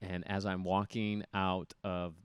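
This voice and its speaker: A man's voice: sits low, takes it slowly, clean tone, dry recording. A man in his thirties, a guest telling stories in a casual interview, acting out voices as he goes. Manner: animated storyteller, acts out voices in his anecdotes. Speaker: guest, former college hockey player.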